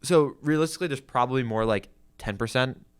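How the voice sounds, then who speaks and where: A man's voice: mid-range voice, brisk, clear, resonant tone. A young man who works as a car salesman tells a rambling story on a casual podcast, leaning on "like" and swearing freely.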